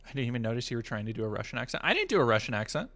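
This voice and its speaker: Bright-voiced young man streaming casually. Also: mid-range voice, big pitch swings, rapid-fire. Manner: rambling, profane, jokey with frequent restarts. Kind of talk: casual live-stream chat.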